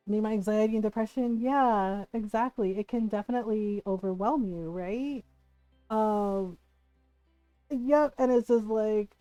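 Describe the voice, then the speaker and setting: A woman streamer of Filipino heritage casually chats with viewers during a game, cursing freely, laughing partway through sentences and adding "right?" to her lines. Her fairly high, mellow voice moves at a moderate pace. The low-quality recording has no echo and faint music behind her.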